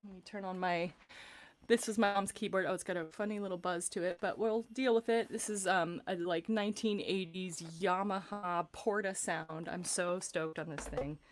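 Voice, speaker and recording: A young adult woman vocal coach leading a live-streamed vocal warm-up from a paneled room at home, chatty and encouraging between exercises. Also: fairly low pitch, steady tone, normal speed. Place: room with acoustic paneling, windows closed.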